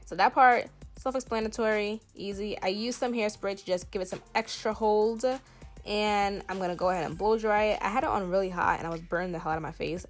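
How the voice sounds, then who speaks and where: A woman in her twenties with a Southern US country accent, chatting through a hair tutorial in a playful, emphatic way with lots of fillers. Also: medium pitch. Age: 20s. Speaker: beauty vlogger. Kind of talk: hair tutorial, casual chat to camera.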